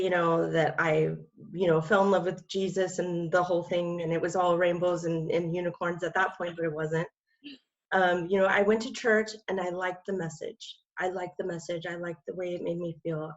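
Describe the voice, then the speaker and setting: Woman guest, low flat voice, rambling testimony full of fillers, dull lo-fi sound. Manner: rambling, many fillers and restarts. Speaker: interview guest. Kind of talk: personal testimony in conversation.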